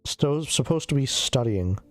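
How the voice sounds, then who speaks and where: A sick streamer rambles through a loose, casual chat in an ordinary mid-pitched voice. Now and then he coughs, and he drifts into loopy tangents full of swearing. The sound is close and dry, with soft music playing behind him. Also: lively intonation, measured pace, no room sound.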